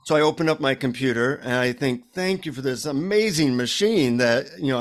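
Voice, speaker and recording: Middle-aged guy telling a story, pretty animated, acts out the lines, regular pitch. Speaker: author guest. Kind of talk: conversational storytelling.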